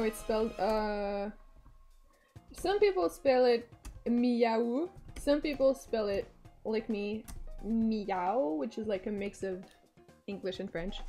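A woman streamer giving live commentary as she plays, excitable, swearing and shrieking when things get fast. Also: a little high, soft background music. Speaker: gaming streamer.

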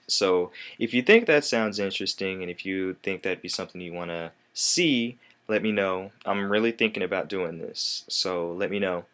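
A man's voice: low voice, smooth. A young man in his twenties giving a casual, rambling vlog update to his viewers. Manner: relaxed, rambling with fillers. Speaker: vlogger.

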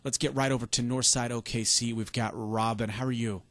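A man hosting a late-night radio dedication show from the studio, with smooth, steady on-air patter. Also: mid-range voice, brisk, no room sound.

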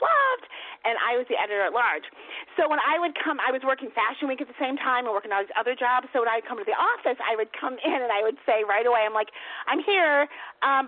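A woman's voice: fairly high pitch, no echo. A middle-aged woman chatting as a guest in an interview, bubbly and laughing often. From United States. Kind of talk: casual interview chat. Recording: tinny phone line.

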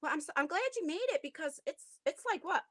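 A middle-aged woman hosts a casual home livestream from her attic, chatting straight into a tablet. Her voice sits high and sounds bright. She rambles with plenty of fillers, and the room sound is close and dry. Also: fast talker, no room sound. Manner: chatty and rambling, many fillers, self-conscious laughs. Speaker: channel host. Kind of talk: casual livestream chat with viewers. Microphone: tablet device.

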